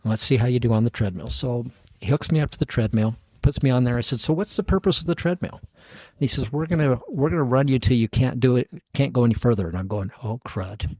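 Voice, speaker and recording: A man's voice: mid-range voice, fast, darkish tone, dry recording. A middle-aged man, a podcast guest, tells his own story in casual talk, acting out the voices of the people in it and chuckling at himself.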